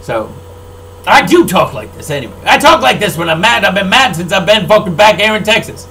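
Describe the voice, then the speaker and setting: An older man who owns a record label, delivering an angry, profane, rambling monologue that swings between loud outbursts and low mutters. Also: very animated, fairly quick, slight background noise, poor audio.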